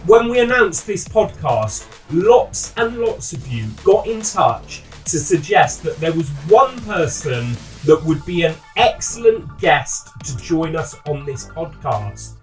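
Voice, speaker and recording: Male podcast host, high and lively, upbeat presenter, a bit off-mic. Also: slow pace, few pauses, distant mic, soft background music. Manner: upbeat presenter, eager questions. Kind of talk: podcast interview.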